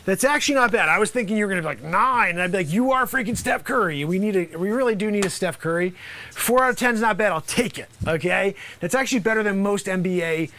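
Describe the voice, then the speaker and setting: A man playing a brash, bossy male high school basketball coach in an improv comedy sketch, rambling and loud. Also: fast talker.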